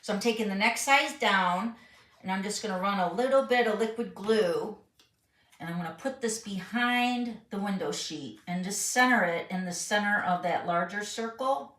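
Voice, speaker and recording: A woman's voice: mid-range voice, moderate pace, a bit bright, far from the mic. A middle-aged woman hosting a live card-making tutorial, walking viewers through each step and reading their questions aloud in a chatty way. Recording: roomy sound, voice a bit off-mic.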